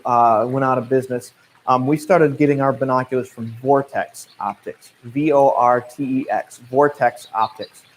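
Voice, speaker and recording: A man in his thirties with a Midwestern US accent, working as a naturalist and answering viewer questions in a relaxed, chatty way full of fillers and restarts. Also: fairly high pitch, slight background noise, poor audio. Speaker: naturalist guide. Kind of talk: casual livestream Q&A.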